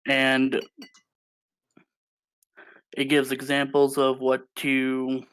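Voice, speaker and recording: A man running a tabletop role-playing game as game master, narrating in a measured, calm way. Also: mid-range voice, smooth, no room sound, poor audio.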